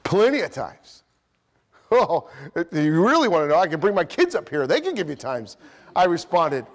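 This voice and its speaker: A pastor from the United States preaches passionately in a church sanctuary, pressing his points and voicing imagined objections from the congregation. His voice is on the high side, with big pitch swings and a moderate pace.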